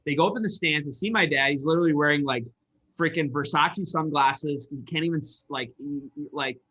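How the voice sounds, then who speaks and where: A man's voice: on the high side, brisk, bright, forceful tone. A man from Michigan, a sales coach, telling a personal story in an earnest, rambling way with many restarts. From Michigan, USA. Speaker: guest, entrepreneur and sales coach. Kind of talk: personal storytelling in a podcast interview. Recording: dull lo-fi audio.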